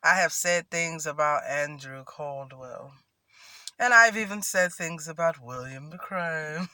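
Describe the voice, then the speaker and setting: A man's voice: a little high, bright, forceful tone, no room sound, studio quality. A man chatting to camera as a vlogger, sassy and chatty, calling himself by a nickname in the third person. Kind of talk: casual chat to camera. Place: at home in Florida.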